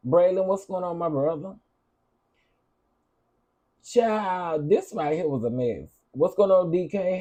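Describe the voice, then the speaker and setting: A man's voice: a little high, mellow, husky. A man hosting a cooking channel, chatting casually with his livestream viewers, greeting them by name and repeating himself often.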